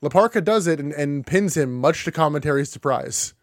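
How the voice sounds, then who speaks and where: A man's voice: a little high, expressive, a little fast, no echo. A man co-hosting a casual podcast, recapping wrestling matches play by play with a dry, sardonic edge. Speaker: podcast co-host.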